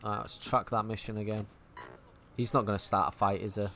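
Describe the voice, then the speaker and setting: A man's voice: fairly low pitch, little pitch movement, brisk, bright, forceful tone. A man with a Manchester accent chatting and thinking aloud over a game he plays, casual and a little sweary. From England. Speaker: gaming streamer. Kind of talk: casual gameplay commentary.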